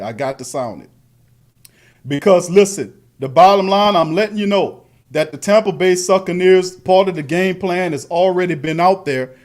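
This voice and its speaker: Fired-up man ranting about football. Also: sits high. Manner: fiery, repetitive, slangy hype with chant-like refrains. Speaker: sports talk show host. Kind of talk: live-stream sports rant.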